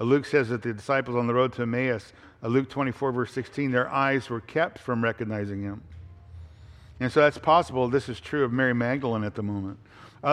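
Man, pastor, mid-pitched voice, conversational sermon with restarts, long hall reverb. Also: a bit bright. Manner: conversational, with frequent fillers and restarts. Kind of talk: expository sermon.

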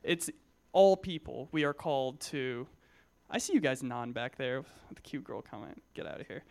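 A man's voice: medium pitch, lively intonation, moderate pace, creaky, a little mellow. A young man in his twenties giving a casual, joking sermon to young believers, full of personal stories, fillers and restarts. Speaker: Christian speaker at a youth gathering.

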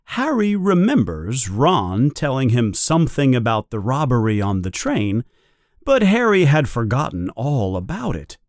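A man narrating a storybook in a measured, expressive reading. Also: mid-range voice, dry recording, studio quality.

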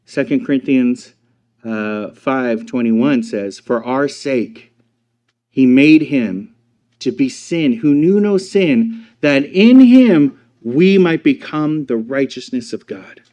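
A pastor delivers a sermon in a voice that sits a little high for a man. He preaches emphatically and keeps asking the congregation rhetorical questions. He moves between loud, stressed lines and slow, quiet ones. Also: very animated.

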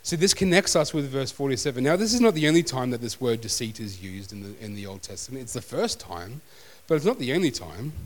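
A man's voice: medium pitch, sing-song, fast, few pauses. A man preaching a sermon as pastor, conversational and self-deprecating. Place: church hall. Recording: long hall reverb.

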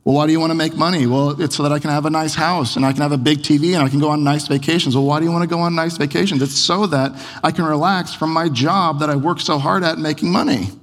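A man's voice: fairly high pitch, steady tone, fast talker, hardly any pauses, big-room sound. A man preaching a sermon in a conversational way, firing off a chain of rhetorical questions. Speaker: pastor.

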